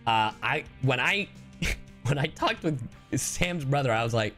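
A man from Miami, a streamer and voice actor, telling stories to his stream chat in a casual, expressive way. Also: mid-range voice, measured pace, faint music behind. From Miami, Florida. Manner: animated, expressive storyteller.

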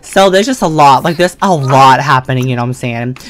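A woman giving casual, slangy commentary while playing a life-simulation game, chatting to the characters on screen and breaking into excited or mock-scared outbursts. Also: rumbling low, brisk. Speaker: gaming video creator. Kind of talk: casual let's-play commentary. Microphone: desk condenser mic.

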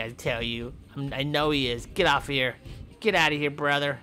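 A man giving goofy, trash-talking gameplay commentary with sudden high yelps and shouts. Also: steady tone, normal speed, soft background music. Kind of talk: comedic let's-play commentary.

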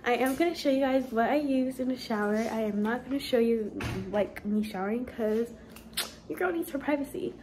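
A woman's voice: on the high side, fairly quick, a little hiss or hum. A young woman vlogging in a casual, chatty way, rambling with lots of "like" and "um", her nose stuffy and congested. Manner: chatty, gushing, rambling with many likes and ums. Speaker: lifestyle vlogger. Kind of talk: casual chat. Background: loud music.

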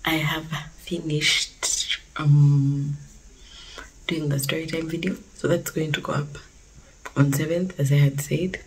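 A young woman from Uganda talking casually to her phone camera in a vlog, chatty and often sliding into soft half-whispered asides. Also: low-pitched, steady tone, takes it slowly, a little hiss or hum, rough recording. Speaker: vlogger.

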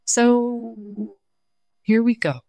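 A woman reading a bedtime story for children in a calm, gentle read-aloud manner. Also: a little high, drawn-out words, dry recording.

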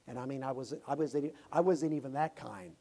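A pastor preaching a sermon, impassioned and rising to shouts. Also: male voice, medium pitch, fairly quick. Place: church sanctuary.

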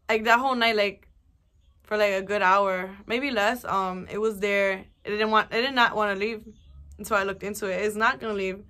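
A woman's voice: mid-range voice, normal speed. A young woman vlogger telling a personal story in a casual, rambling way, full of fillers and swearing. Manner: rambling, animated, swears a lot, many fillers.

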